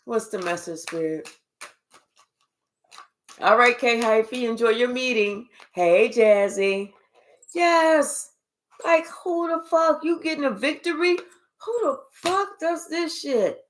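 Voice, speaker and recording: A woman giving a casual spiritual reading in a high voice, taking her time over each phrase. She talks in an animated, profane way and often slips into acted-out voices of the people she describes. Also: takes it slowly, a little hiss or hum. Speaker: spiritual reader. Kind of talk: casual live reading monologue.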